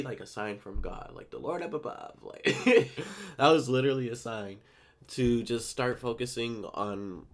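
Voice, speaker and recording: A young man chatting casually to his viewers, retelling a story with lots of quoted back-and-forth. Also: medium pitch. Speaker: YouTuber. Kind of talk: casual get-ready-with-me chat. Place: San Diego.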